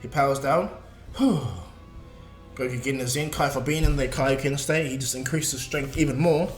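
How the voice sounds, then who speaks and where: A man's voice: medium pitch, fairly even intonation, quick pace. A man casually narrating a fan-made story, rambling with restarts and fillers. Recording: echoey room, faint music.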